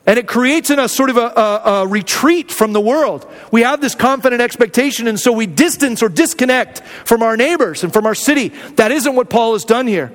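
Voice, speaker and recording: High-voiced man preaching in a reverberant hall. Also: lively intonation, brisk, hardly any pauses. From Arizona, USA. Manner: earnest, candid, conversational with many restarts. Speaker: pastor. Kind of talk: sermon storytelling.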